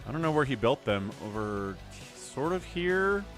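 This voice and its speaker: A man hosting a live stream and giving chatty, excitable commentary on an esports match, thinking aloud as the play unfolds. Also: mid-range voice, measured pace, faint music behind. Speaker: game commentator and stream host.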